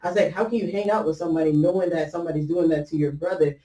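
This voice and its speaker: A woman's voice: deep voice, steady tone, racing, mellow. Rambling woman telling a story in an echoey room. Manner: rambling, full of fillers and restarts, quotes others often. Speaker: podcast host. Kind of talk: casual storytelling to a listener. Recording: roomy echo, mic at a distance.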